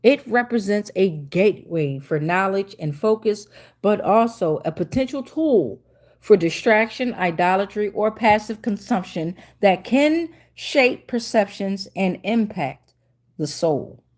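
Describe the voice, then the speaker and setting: A woman's voice: medium pitch, expressive, measured pace, a little mellow, echoey room. A woman giving a casual tarot reading to a phone camera, slangy and emphatic, often repeating herself. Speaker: tarot reader.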